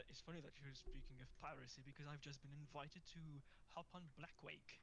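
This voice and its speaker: A man's voice: on the high side, steady tone, brisk, fairly bright tone. A man chatting casually while gaming with friends, curious and full of questions. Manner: curious, asks lots of questions. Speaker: co-player. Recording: clear background noise.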